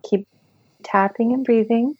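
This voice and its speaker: A woman guiding a tapping session with calm step-by-step instructions, sighing deeply between phrases. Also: measured pace, breathy edge, dry recording, muffled recording. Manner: calm step-by-step instructions, leading group repetition. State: deep audible sighs and yawns between phrases. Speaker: tapping practitioner. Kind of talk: guided tapping session with breathing.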